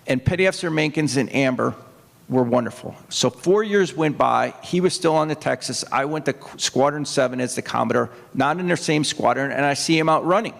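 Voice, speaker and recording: Gravelly older man telling a story. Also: mid-range voice, a little fast, fairly bright tone. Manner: earnest, emotional storytelling, rises into acted quotes. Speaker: retired naval officer speaking at a book event. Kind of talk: personal storytelling talk. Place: opera house stage. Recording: long hall reverb.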